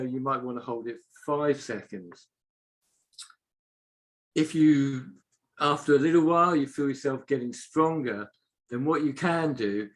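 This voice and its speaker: Man, qigong teacher, calm breathing instructions, mid-pitched voice. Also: rough recording. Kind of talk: guiding breathing exercises. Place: live online video chat.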